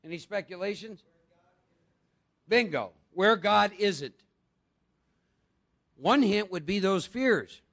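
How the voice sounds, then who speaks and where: Man, workshop speaker, high voice, gravelly, chatty, asks the crowd questions. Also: expressive, takes it slowly, long pauses, a bit bright. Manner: conversational, quizzes the audience with rhetorical questions. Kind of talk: live workshop talk.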